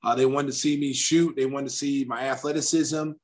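A middle-aged man from Oklahoma telling a long anecdote in a casual interview, acting out the quotes with animated flair. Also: medium pitch, fairly quick. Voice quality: animated storyteller who acts out quotes. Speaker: guest, former basketball player.

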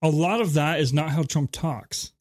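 A man's voice: a little high, moderate pace, a little mellow. A man co-hosting a casual political podcast, chiming in with agreeable, chuckling asides. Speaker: podcast co-host.

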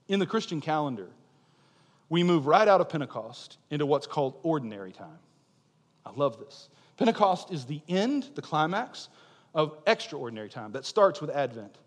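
A young male pastor with a high voice preaches in a church sanctuary. He swings from soaring, insistent proclamations down to hushed, almost offhand remarks. A long reverb trails each phrase through the hall. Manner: impassioned, swings from loud declarations to quiet asides. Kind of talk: sermon.

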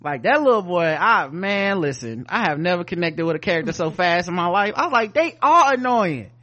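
A man with a slightly high voice tells a TV plot like a story. He drops into the characters' lines as he goes, loose and profane in casual podcast chat. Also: animated, brisk, a bit bright, muffled recording. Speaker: podcast co-host reviewing a TV episode.

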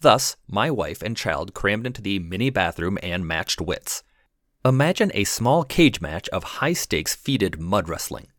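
A low-voiced man, an emergency physician, narrates a scripted comic story in a wry, deadpan way. His pitch moves a lot as he tells it. The recording is close and dry. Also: a little slow, dry recording. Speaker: podcast host and ER physician.

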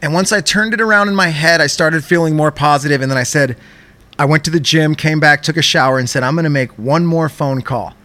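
A young man tells a story on his podcast with a high, bright voice. He is excitable and animated and swears casually. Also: fast, no room sound. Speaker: podcast host.

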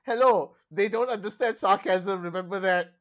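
A woman's voice: mid-range voice, normal speed. A woman with a Singaporean English accent, chatting casually with a friend and teasing, laughing often. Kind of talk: casual chat.

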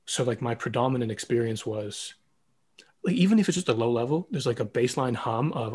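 Husky-voiced male podcast host. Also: medium pitch, expressive, brisk, a little mellow. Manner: talkative, reflective, many "like" fillers. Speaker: podcast host, former ballet dancer. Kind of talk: casual podcast conversation.

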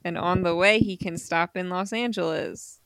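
A woman's voice: on the low side, fairly even intonation, normal speed, a bit bright, no room sound. A woman co-hosting a podcast, recapping a comic in casual chat with unsure asides and easy laughs. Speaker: podcast co-host.

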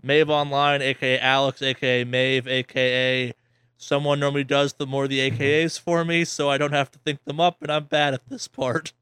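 A man's voice: mid-range voice, little pitch movement, normal speed, a bit bright, clean tone, no echo. A man hosting a casual podcast, joking around and swearing while he rambles. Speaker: podcast host.

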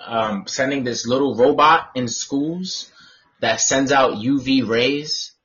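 A man's voice: mid-range voice, slow, a bit bright. A man co-hosting an online talk radio show, ranting and swearing in exasperated casual banter. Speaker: co-host. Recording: dull lo-fi online radio audio.

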